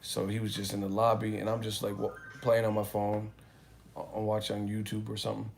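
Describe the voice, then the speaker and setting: A man's voice: on the low side, monotone, a little fast, gravelly, slight background noise. A man hosting a live boxing talk stream from a hotel room, speaking in a loose, profane, rambling way as he tells stories. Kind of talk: casual live-stream chat.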